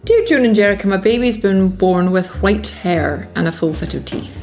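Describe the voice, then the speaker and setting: A woman's voice: mid-range voice, expressive, normal speed, a little mellow, close to an everyday voice. A woman playing a fussy middle-aged radio agony aunt, mock-serious and chatty. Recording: clip with music behind.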